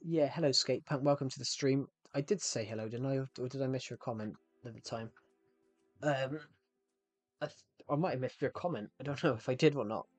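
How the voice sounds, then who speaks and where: A game streamer with a mid-range voice talks briskly to his viewers, rambling and interrupting himself mid-sentence. The recording is dry, and soft background music plays.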